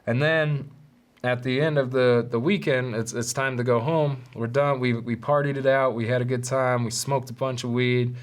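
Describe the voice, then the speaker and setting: A man hosting a podcast, telling a story in a casual, animated, profane way with street slang. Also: medium pitch, moderate pace. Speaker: podcast host.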